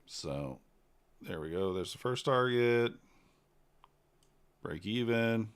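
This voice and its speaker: A man giving casual live commentary while trading, thinking out loud in an unhurried, low-key way. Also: expressive, clean tone. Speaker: livestreaming futures trader.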